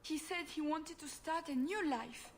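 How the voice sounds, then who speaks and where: A woman's voice: sits high, a little slow, slight background noise. An actress voicing a fussy, doting aristocratic mother in a video game, with a theatrical manner. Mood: fretful. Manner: fluttery, theatrical, self-pitying.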